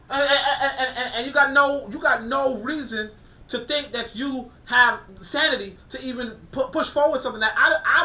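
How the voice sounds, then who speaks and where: A man's voice: very high-pitched, bright, forceful tone. A man reading a political text aloud and commenting on it in a colloquial, emphatic way, often repeating words as he thinks. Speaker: commentator reviewing a political document. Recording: echoey, dull-sounding room.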